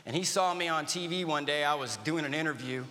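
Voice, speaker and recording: A man's voice: a little high, brisk. A man in his fifties, an army veteran giving a guest talk at a church, telling stories and acting out dialogue. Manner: animated storytelling with acted-out dialogue. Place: church auditorium. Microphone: stage microphone. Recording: reverberant church hall.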